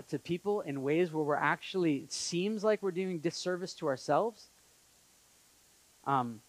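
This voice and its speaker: A man preaching a conversational sermon as pastor, acting out quotes in an animated way. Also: on the high side, rough recording. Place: church in Montreal.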